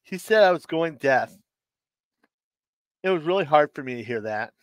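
A middle-aged man hosting a live stream, telling dad jokes in a slow, halting way and chuckling at his own punchlines. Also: fairly high pitch, expressive, dry recording. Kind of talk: casual live-stream chat.

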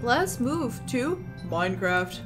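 A woman's voice: on the high side, sing-song, slow pace. A woman livestreaming from home in a casual, giggly chat, greeting viewers by name. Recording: background music under voice.

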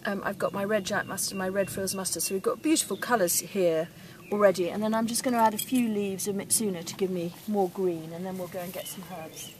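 An enthusiastic English woman talks through her gardening in a relaxed how-to style, with easy fillers. She is recorded outdoors from a little way off the mic. Birdsong and rural ambience are clearly heard behind her. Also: mid-range voice, brisk, few pauses. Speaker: gardening presenter. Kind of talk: casual how-to demonstration. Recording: distant mic outdoors with background noise.

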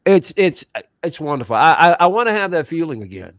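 A man's voice: on the high side, a little fast, dry recording, clean studio sound. A man co-hosting a casual livestream chat, telling stories with enthusiasm. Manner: animated, enthusiastic storyteller.

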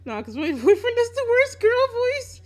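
A woman's voice: very high voice, very animated, normal speed. A young woman chatting casually on a live stream while she draws, laughing often, swearing freely and teasing her viewers.

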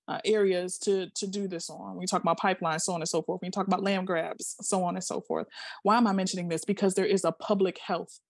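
Passionate woman speaker, husky voice. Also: fairly low pitch, a little mellow, no echo, studio quality. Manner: emphatic, repeats words, asks rhetorical questions. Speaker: seminar speaker. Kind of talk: passionate seminar talk.

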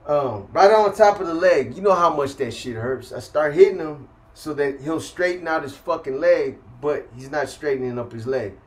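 A man's voice: on the high side, moderate pace, hardly any pauses. Profane streetwise man telling a story. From California. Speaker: storyteller recounting prison life. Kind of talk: casual storytelling.

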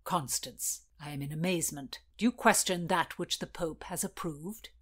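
A woman voicing a pious, self-important young nobleman in a storybook reading, smooth and pompous. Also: low voice, animated, unhurried. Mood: smug.

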